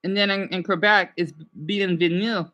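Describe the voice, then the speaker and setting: A woman's voice: medium pitch, steady tone, moderate pace, pushed and bright. A woman hosting a livestream, chatting casually with viewers and often restarting and correcting herself. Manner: rambling, restarts and self-corrections. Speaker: livestream host.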